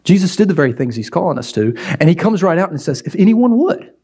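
A middle-aged man delivers a sermon as a pastor. He preaches with animation and slips into acted-out scenes. His voice sits somewhat high for a man. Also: lively intonation, fast talker, a little mellow, slightly rough.

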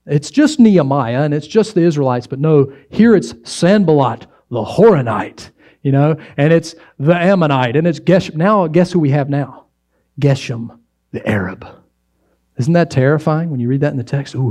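A man preaching a sermon as pastor, conversational and animated, slipping into mocking voices when he quotes others. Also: fairly high pitch.

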